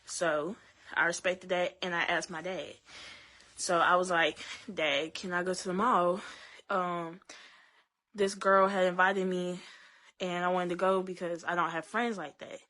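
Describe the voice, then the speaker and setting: A young woman telling her own story to her viewers, halting, with many fillers and restarts. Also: fairly low pitch, flat delivery, a bit bright. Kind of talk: emotional personal storytelling to camera.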